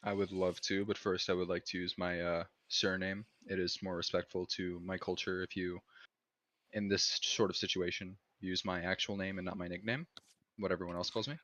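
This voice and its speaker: A man playing a tabletop game, speaking calmly and politely in character. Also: low-pitched, normal speed, highs cut off. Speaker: player.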